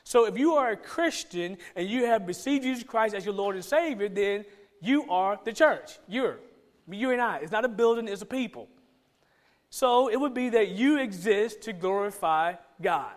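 A man's voice: high voice, lively intonation, normal speed. A man, a pastor, giving a conversational sermon, asking many rhetorical questions and joking with the congregation.

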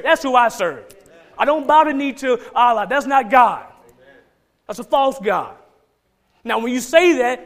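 A man's voice: very high voice, a bit bright. A man with a Georgia Southern accent preaching a sermon as pastor, emphatic and repeating key phrases for stress.

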